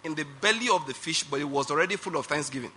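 A man's voice: on the high side, expressive, racing, pushed and bright, slightly rough. A male pastor preaching a sermon, emphatic, asking the congregation rhetorical questions and laughing between phrases.

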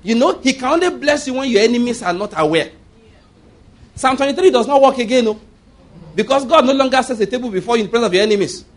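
Husky-voiced Nigerian pastor, lively preaching. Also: male voice, very high voice, fast talker. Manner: humorous, storytelling, laughs often; emphatic, preacherly declarations. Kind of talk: sermon.

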